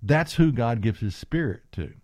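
A man's voice: mid-range voice, animated, moderate pace, darkish tone, no room sound, studio quality. A man preaching an earnest, emphatic sermon and reading scripture aloud.

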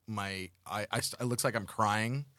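A man's voice: lowish voice, moderate pace, dry recording, clean studio sound. A man telling a comic anecdote casually, acting out the quotes. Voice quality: animated, acts out quotes. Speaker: comedian. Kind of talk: casual comedic storytelling.

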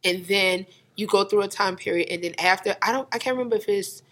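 A woman's voice: mid-range voice, quick pace, a bit bright. A woman, teasing and laughing through casual podcast banter.

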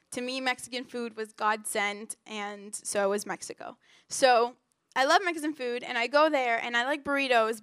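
A young woman, a youth speaker, gives a casual sermon at a church gathering in a high-leaning, fairly bright, clear and resonant voice. Her stories are chatty and playful, packed with fillers and self-deprecating jokes, recorded cleanly in a studio with no room sound.

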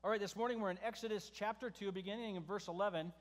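A man preaching a verse-by-verse sermon, conversational, often asking the congregation questions and shifting his pitch for emphasis. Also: fairly even intonation, fast talker. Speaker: pastor. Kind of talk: expository sermon. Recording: reverberant hall sound.

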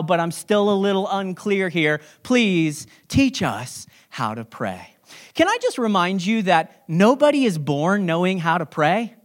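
Casual pastor giving a sermon, jokey and chatty, punches certain words hard, mid-range voice. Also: mid-range voice. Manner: conversational and joking, with sudden emphatic stresses.

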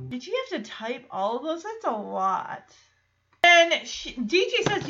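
Woman podcast host, chatty and amused, bright tone, slightly muffled lo-fi recording. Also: very high voice, sing-song, a little slow. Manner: chatty, amused, loose with filler words. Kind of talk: casual episode recap.

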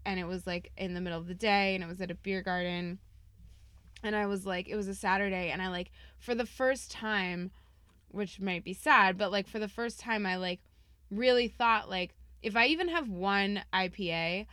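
A woman's voice: mid-range voice, normal speed, a bit bright, smooth, no room sound. A woman in her thirties co-hosting a podcast, telling a personal story casually with many fillers. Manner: chatty storytelling, lots of "like". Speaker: podcast co-host. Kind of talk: casual chat.

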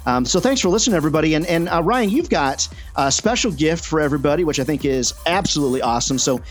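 A man's voice: fairly high pitch, lively intonation, quick pace, soft background music. A man hosting a sales podcast, upbeat and chatty, with lots of "uh" fillers. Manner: enthusiastic, chatty, many "uh" fillers. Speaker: podcast host and sales coach. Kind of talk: casual podcast talk.

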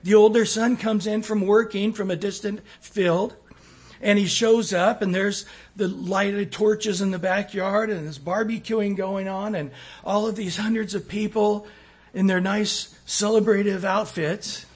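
Man, pastor, husky, fairly high voice, animated sermon, acted-out quotes. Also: a little slow. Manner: animated preaching, acts out quoted voices, swings loud and soft.

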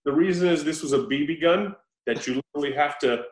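An animated man recaps a story in casual podcast chat, laughing and swearing as he goes. His voice sits a bit high for a man. The recording has a noticeable roomy echo. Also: fast. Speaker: podcast host reviewing a film.

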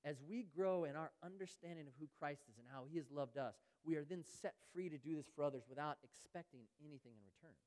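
Male pastor, sermon, slightly high voice, earnest, swells and drops in volume, long church reverb. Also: fast, hardly any pauses. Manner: earnest, swells louder on key phrases and drops to near-whispers; acts out everyday voices of churchgoers. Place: church sanctuary.

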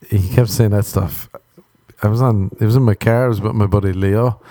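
A young male podcast host in Los Angeles talks briskly in a lowish, warm voice, recorded dry with clean studio sound. Alone on the mic, he spins meandering, profanity-heavy stories and imitates the voices of others.

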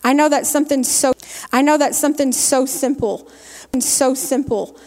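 A woman's voice: high voice, fairly even intonation, normal speed, darkish tone. A woman giving a homespun devotional talk in a folksy way, repeating her phrases as she goes. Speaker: lay speaker giving a devotional. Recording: long reverb of a large hall.

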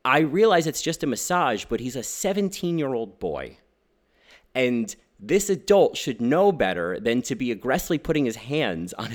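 A man giving heated, opinionated film commentary, often indignant and mocking, with a very lively, swinging delivery. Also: medium pitch. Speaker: film critic.

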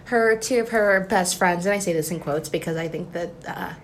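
A woman's voice: on the low side, a little fast, a little hiss or hum. A woman co-hosting a podcast in casual chat, teasing and chatty, with lots of fillers. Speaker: podcast co-host.

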